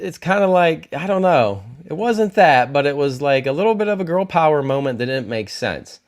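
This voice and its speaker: A man hosting a casual livestream, talking about TV episodes in a rambling, self-correcting way and reacting to viewers in the chat. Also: fairly high pitch. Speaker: YouTube host reviewing TV shows.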